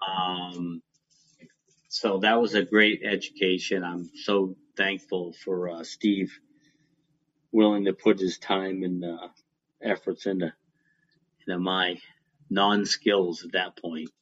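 A middle-aged former racing driver telling rambling, folksy stories in a casual interview, laughing now and then. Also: male voice, low-pitched, little pitch movement, takes it slowly, long pauses, a bit bright. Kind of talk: casual storytelling. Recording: dull lo-fi sound.

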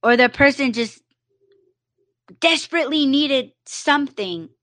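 A woman's voice: high voice, expressive, a little slow, fairly bright tone, no room sound. A woman hosting a solo live podcast, talking bluntly with lots of swearing and fillers like "you know" and "like". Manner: blunt, profane, emphatic rant with many fillers. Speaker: podcast host.

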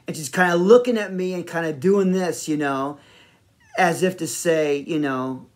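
A man hosting a podcast, telling a personal story in a rambling, animated way with many fillers. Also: fairly high pitch, moderate pace. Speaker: podcast host.

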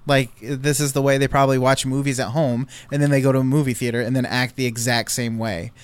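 Chatty man with a smooth, dry voice. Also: medium pitch, flat delivery, fast, no room sound. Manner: rambling storyteller, many restarts and fillers. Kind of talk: casual chat.

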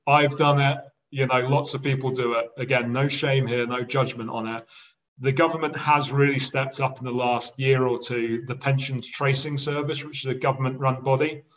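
A man's voice: medium pitch, fairly even intonation, moderate pace, fairly bright tone, recorded from a distance, poor audio. Eager man explaining, a bit off-mic. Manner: enthusiastic, explanatory. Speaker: podcast guest, pensions specialist. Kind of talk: casual interview chat.

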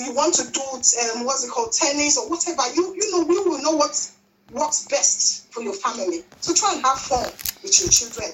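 A woman's voice: high-pitched, fairly bright tone, recorded from a distance, a little hiss or hum, rough recording. A woman preaching a sermon, repeating her exhortations, with frequent restarts. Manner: repetitive, exhorting, many restarts. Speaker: church speaker. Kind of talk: sermon on parenting.

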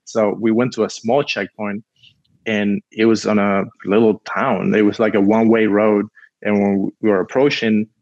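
A man's voice: lowish voice, flat delivery, moderate pace, darkish tone, no echo, dull audio. A man from Cuba, a guest telling a story in a rambling casual way, full of "like", acting out what people said. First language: Spanish. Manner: rambling, heavy use of "like", acts out quotes.

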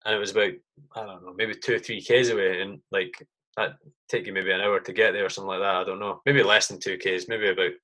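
British ex-army guy hosting a podcast, lowish voice, swears a lot, rambles on. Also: little pitch movement, quick pace, sharp tone, poor audio. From Britain. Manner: swears freely, loose and rambling. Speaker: podcast host. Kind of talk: casual chat.

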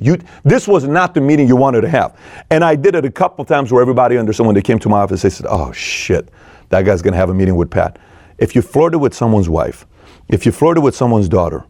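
A man's voice: no room sound, studio quality. A man telling a story with energy, acting out the lines of the people in it. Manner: energetic, acts out dialogue, swings between loud and low. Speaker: speaker retelling a film and business lessons. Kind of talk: animated storytelling talk.

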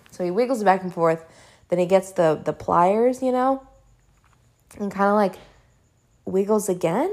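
A young woman casually telling a personal story at home, animated and chatty, with frequent "like" and casual swearing. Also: mid-range voice. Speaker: vlogger. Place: home room.

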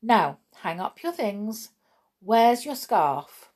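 Woman playing a stern vexed mother, firm and scolding, husky voice, animated, storybook. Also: medium pitch, slow pace, pitched above the performer's own voice. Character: strict, vexed mother of a young girl.

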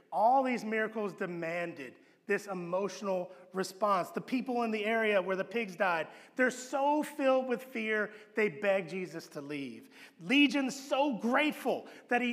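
A man preaching a sermon as pastor, telling the story with animated acted-out voices and dropping to a low hush for emphasis. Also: moderate pace, few pauses. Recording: long hall reverb.

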